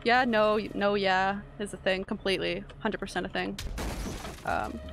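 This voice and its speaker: Gravelly-voiced woman streaming a game. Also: mid-range voice, steady tone, normal speed, faint music behind. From Canada. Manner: casual, swears and reacts loudly to gameplay. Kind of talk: live game streaming chat.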